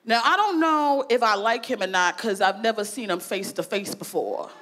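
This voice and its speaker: A woman performing a stand-up comedy routine, brash and profane, shouting her punchlines. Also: mid-range voice, animated, moderate pace, a little hiss or hum. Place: festival comedy stage.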